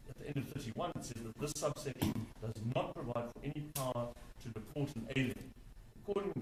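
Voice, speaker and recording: A man's voice: mid-range voice, a little mellow. A man arguing a legal case before a court, emphatic, stressing and repeating key words. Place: large courtroom. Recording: echoey courtroom, distant mic, faint hum.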